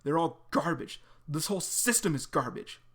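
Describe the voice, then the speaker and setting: A man's voice: on the high side, expressive, moderate pace, husky. A man voicing a bitter, angry young man in a webcomic read-aloud, scornful and cursing. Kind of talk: reading a webcomic aloud with voices.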